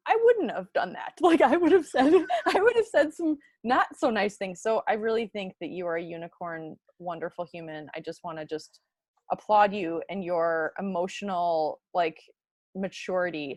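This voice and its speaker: A woman's voice: fairly low pitch, normal speed, no room sound, studio quality. A woman co-hosting a podcast who reacts emphatically and speaks her mind in casual chat. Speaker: podcast co-host.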